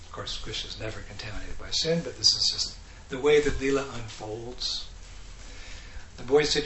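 Animated man telling devotional stories. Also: mid-range voice, normal speed, a little hiss or hum. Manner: animated, acts out characters, laughs often. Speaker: speaker. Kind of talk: devotional storytelling talk. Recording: echoey room with faint ambience.

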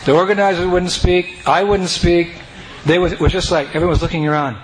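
A man telling a personal devotional story to an audience, animated and breaking into chanting and joyful shouts. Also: high voice, fairly quick. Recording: noisy recording.

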